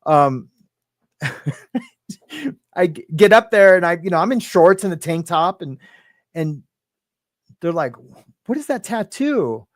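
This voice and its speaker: A man's voice: fairly high pitch, unhurried, long pauses, no room sound. A middle-aged man telling a personal story as a podcast guest, rambling with lots of "right?" and "like", emotional and close to tears.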